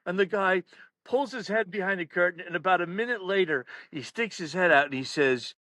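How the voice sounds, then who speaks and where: A man spins casual stories from years of announcing at meets. His voice sits a bit high and bright, and he jumps into loud acted quotes. The sound is close and dry. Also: fairly quick, no echo. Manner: animated, laughs through stories, acts out quotes loudly. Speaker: meet announcer. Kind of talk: casual storytelling.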